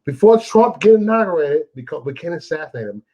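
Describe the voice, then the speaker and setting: A man's voice: on the high side, animated, fast, dark tone, lo-fi sound. A man hosting a casual interview, emphatic and slangy, chiming in often. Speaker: host.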